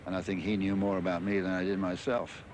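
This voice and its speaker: A man's voice: low voice, little pitch movement, quick pace. An older English man, a former tennis champion, recalling his career in a rambling interview full of fillers and restarts. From England. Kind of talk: interview reminiscence. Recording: archive interview with clear background noise.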